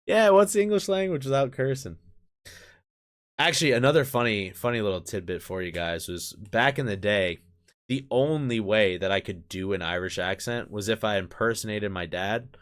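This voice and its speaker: Low-ish voiced guy rambling on his stream, cussing casually, lots of ums and likes. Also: expressive, unhurried, pauses often, a bit bright. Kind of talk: casual live-stream chat.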